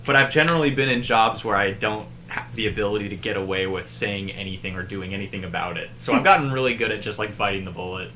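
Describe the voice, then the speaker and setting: A man's voice: fairly low pitch, fast, few pauses, bright, forceful tone, slight background noise. A young man co-hosting a podcast, speaking frankly and emphatically in casual chat. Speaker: podcast co-host.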